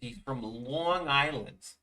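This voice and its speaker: Young male streamer, rambling and self-deprecating, bright tone, sits back from the mic. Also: mid-range voice, takes it slowly, distant mic. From Chicago, USA. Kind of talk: casual chat while drawing on stream.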